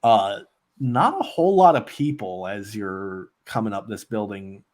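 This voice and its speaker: A man narrating as game master of a tabletop role-playing game, loose and relaxed with many fillers. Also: on the low side, a little slow.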